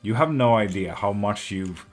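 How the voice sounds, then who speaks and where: Low-voiced, foul-mouthed man hosting tarot live. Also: animated, normal speed, soft background music. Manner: loose and profane, swears freely, laughs often; emotional and openly affectionate with viewers. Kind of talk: casual live-stream chat, reading out viewer comments.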